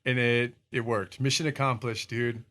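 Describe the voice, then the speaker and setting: A man's voice: mid-range voice, normal speed. A man co-hosting a casual podcast chat, telling stories with laughter and swearing. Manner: animated storyteller, swears, laughs often. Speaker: podcast co-host.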